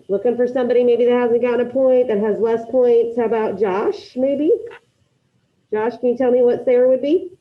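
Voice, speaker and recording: Upbeat woman teacher calling on students. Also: on the high side. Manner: encouraging, calls on students by name. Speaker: high school Spanish teacher. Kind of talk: online class teaching. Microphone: video call. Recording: dull lo-fi video call audio.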